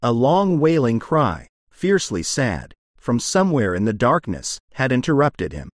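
A man narrating an audiobook at an unhurried pace, with a lively rise and fall in his pitch. The recording is dry and close, with no room sound. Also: no echo. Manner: slow, expressive storytelling. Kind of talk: audiobook reading.

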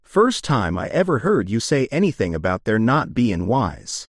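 A man's voice: medium pitch, very animated, normal speed, no echo. A man voicing a weary, skeptical frontier trail companion who talks bluntly and dismissively, in a dry close recording.

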